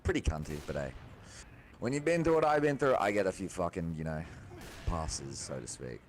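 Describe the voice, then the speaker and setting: A young man with a deep voice vents in a casual monologue at normal speed, very animated. He rambles and is agitated, swears often, and keeps restarting sentences amid lots of fillers. Loud background noise fills the recording.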